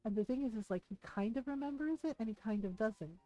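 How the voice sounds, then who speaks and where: A woman's voice: a little high, animated, fast talker, warm tone, no room sound, dull audio. Woman streamer just chatting, rambly and candid, dry close sound, lots of "like"s. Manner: rambling, many fillers and restarts; candid, emotional storytelling. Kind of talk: casual chat while gaming. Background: faint game music.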